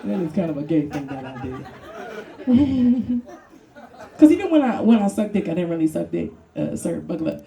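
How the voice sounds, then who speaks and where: A woman from Brooklyn works a comedy club crowd into a handheld mic, brash and profane. Her voice swings up and down with lively energy, and her tone stays mellow and warm. She laughs through her own punchlines. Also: on the low side, brisk, a little hiss or hum. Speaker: stand-up comedian. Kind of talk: stand-up comedy set. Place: comedy club with live audience.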